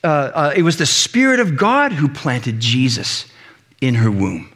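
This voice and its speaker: A man's voice: medium pitch, wildly swooping pitch, a little slow, a bit bright, voice pushed down, exaggerated voice. A man playing personified water, giving matter-of-fact testimony on a witness stand in a sermon. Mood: testifying. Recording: echoey hall reverb.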